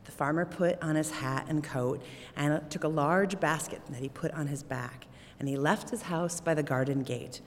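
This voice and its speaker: A woman telling a storybook tale aloud, expressive and animated. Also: deep voice, normal speed, a little hiss or hum. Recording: long hall reverb.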